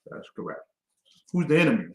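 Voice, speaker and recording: A man's voice: on the high side, very animated, brisk. A man leading a call-and-response Bible class, quizzing his students with emphatic questions. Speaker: class teacher. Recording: echoey room.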